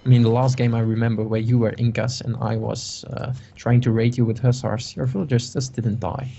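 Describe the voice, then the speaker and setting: A man's voice: mid-range voice, flat delivery, fairly quick, creaky, warm tone, breathy edge. A man casually commentating a strategy game match, chatty, with frequent fillers and laughs. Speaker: game caster. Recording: dull lo-fi stream audio.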